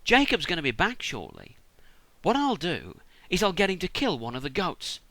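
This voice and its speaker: A man's voice: a little high, wildly swooping pitch, normal speed, a bit bright, no room sound, full character voice. Man doing a British mother, scheming, sweary, exasperated, dry close sound. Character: shrewd scheming mother, middle-aged woman.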